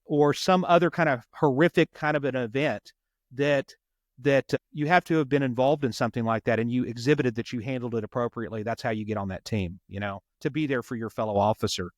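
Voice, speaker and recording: A man with a voice of ordinary middle pitch tells a long story in an earnest way and doubles back on his words. The sound is dry and close, with no room around it. He talks like a police officer chatting on a podcast. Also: brisk, dry recording. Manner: earnest, repeats words while retelling a story. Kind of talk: conversational storytelling.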